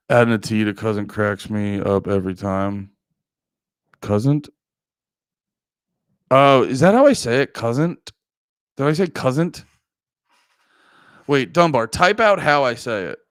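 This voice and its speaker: A man's voice: medium pitch, a bit bright, dry recording. A man streaming live, chatting casually with his viewers in a rambling, profane, joking way.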